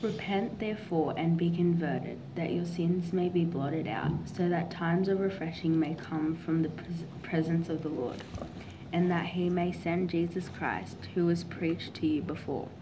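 A woman reading a Bible passage aloud in a steady, plain way for a class. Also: fairly low pitch, unhurried, noisy background. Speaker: scripture reader.

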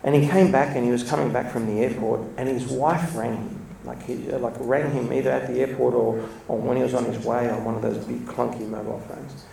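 A man's voice: mid-range voice, steady tone, brisk, creaky, few pauses, warm tone, a little hiss or hum. A man giving an informal sermon, chatty and storytelling, laughing between points. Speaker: church speaker. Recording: echoey room, mic from a distance, faint ambience.

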